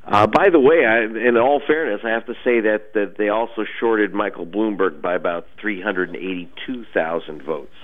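A man's voice: on the low side, moderate pace, hardly any pauses. A male journalist guest explaining emphatically in a radio interview. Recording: tinny phone line.

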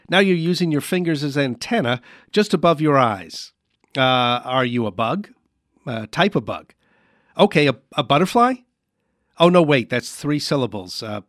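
A man hosting a comic radio sketch, calmly describing aloud what his silent guest is doing. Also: mid-range voice, no room sound, studio quality. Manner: deadpan, describing the action aloud. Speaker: radio host. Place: radio studio.

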